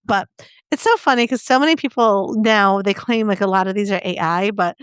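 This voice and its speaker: A woman's voice: mid-range voice, fairly quick, clear, resonant tone, dry recording, studio quality. A middle-aged woman co-hosting a podcast, chatting with enthusiasm and laughing often. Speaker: podcast co-host. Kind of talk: casual chat.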